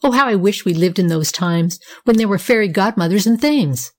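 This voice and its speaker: A woman voicing a dreamy, eager little girl with a wistful, excitable manner. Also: medium pitch, moderate pace, natural voice.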